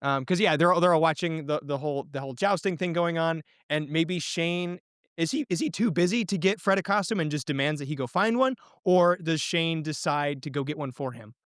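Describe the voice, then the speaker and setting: A man's voice: on the high side, a little fast, fairly bright tone, dry recording, clean studio sound. A man hosting a podcast, casually planning a mystery story and thinking aloud as he leads the game. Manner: thinking aloud, with frequent ums and restarts. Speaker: game master and podcast host.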